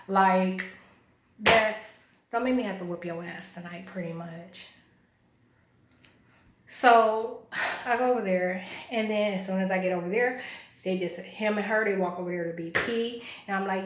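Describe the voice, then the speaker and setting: A woman vlogging a story in a blunt, profane, agitated way. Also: medium pitch. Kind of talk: casual storytelling. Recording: echoey room.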